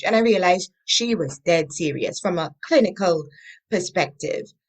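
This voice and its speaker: A woman, a coach and interview guest, telling her story in an animated, expressive way. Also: medium pitch, moderate pace, slightly rough.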